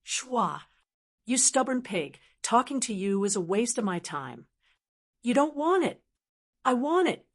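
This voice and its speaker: A greedy, vicious old elder who gloats and cackles over power he means to seize, voiced by a woman. His voice climbs high and shrill when he crows. He sounds like a figure from a martial-arts fantasy audiobook. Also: very animated, unhurried, long pauses, full character voice. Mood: gloating.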